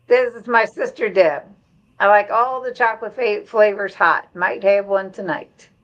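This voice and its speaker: A woman's voice: medium pitch, takes it slowly, pauses often. Middle-aged lady hosting a live stream, chatty, reads out comments, kinda dull lo-fi audio. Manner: chatty, reads viewer comments aloud, laughs often. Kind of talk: casual chat reading comments.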